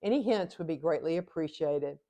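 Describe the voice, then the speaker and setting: A woman's voice: deep voice, moderate pace. An older woman, telling a funny personal story as host and acting out the dialogue with animation. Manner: animated, acts out both sides of dialogue. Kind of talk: comic storytelling monologue.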